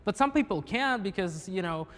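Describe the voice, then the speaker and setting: A man's voice: sits high, normal speed. Laid-back guy in echoey room. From Ukraine. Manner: relaxed, filler-heavy. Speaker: panelist. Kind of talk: casual discussion. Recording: reverberant room with faint noise.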